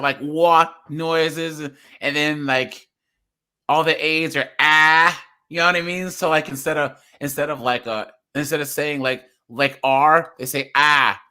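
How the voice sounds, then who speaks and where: Brief: bright, slightly high male host, loose, rambling and laughing. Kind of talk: casual reaction chat.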